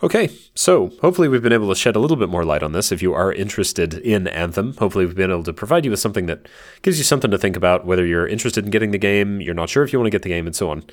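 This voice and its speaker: A man's voice: sits low, expressive, very fast, hardly any pauses. A man hosting a casual gaming podcast at a desk microphone, who swears and keeps laughing through botched intros. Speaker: podcast host.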